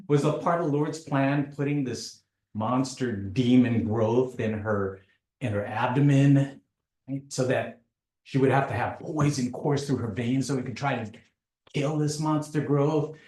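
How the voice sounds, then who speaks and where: A man telling a personal story in a halting way, often repeating words, with dark self-mocking humor. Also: medium pitch, roomy sound.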